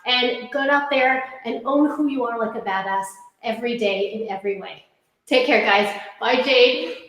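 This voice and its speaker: Brief: high-voiced, bright woman hosting a live stream, out of breath, laughing, very echoey room. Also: moderate pace. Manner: bubbly, laughing, breathless from dancing. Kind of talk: casual live stream chat. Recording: very echoey room with some noise.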